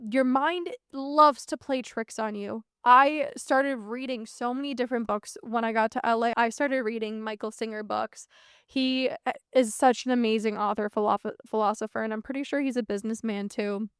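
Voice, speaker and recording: A woman's voice: on the high side, steady tone, moderate pace, a bit bright, clean tone, no room sound, clean studio sound. A woman in her thirties hosting a reflective solo podcast, talking candidly and earnestly and swearing casually. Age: 30s. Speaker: podcast host.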